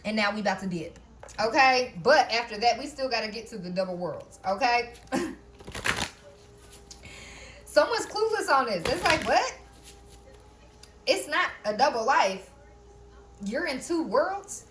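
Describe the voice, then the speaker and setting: A woman gives a loose, chatty tarot reading in a slightly higher voice. She checks in with "okay?" after almost every thought. She laughs often and drops the odd curse word. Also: very animated, unhurried, pauses often, background noise. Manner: repeats "okay?" often, laughs, swears casually. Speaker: tarot reader. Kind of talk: casual spiritual reading.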